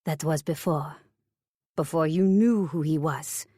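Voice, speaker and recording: A worldly French woman, put on by a female audiobook narrator, speaks in a breathy, low voice. She is blunt and teasing, drawling her frank advice without any hurry. The sound is close and dry. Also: a little slow, mellow, no room sound.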